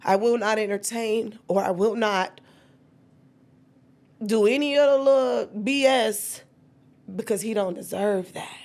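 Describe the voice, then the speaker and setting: A woman's voice: a little slow, long pauses. A woman, telling her own story with candid feeling and acting out the quoted dialogue. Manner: animated, acts out quoted dialogue with sudden high-pitched bursts.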